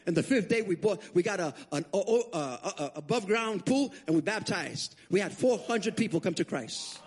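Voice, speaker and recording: A man's voice: high voice, animated, moderate pace, slightly rough. A man preaching as a guest pastor, telling stories animatedly, acting out the people he quotes and often stammering into restarts. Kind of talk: sermon.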